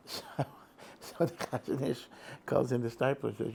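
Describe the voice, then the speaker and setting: An older man leads a relaxed class, full of stories, stopping and restarting his sentences as he goes. His voice has a gravelly texture and sits at an ordinary middle pitch. A faint hiss of noise runs under the recording. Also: fairly quick. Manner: rambling, with many restarts and Yiddish-Hebrew terms; acts out a loud, shouting old rabbi in quotes. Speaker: rabbi teaching a class. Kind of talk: informal Torah lecture with stories.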